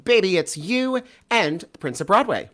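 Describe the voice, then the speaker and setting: A man's voice: sits high, big pitch swings, moderate pace, a bit bright. A man co-hosting a casual online talk show, chatty and self-mocking. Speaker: co-host.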